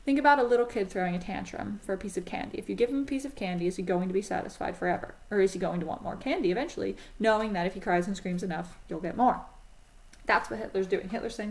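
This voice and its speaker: A woman's voice: mid-range voice, quick pace, darkish tone, poor audio. A woman teaching a history class in a casual, chatty way, with frequent ums and self-corrections.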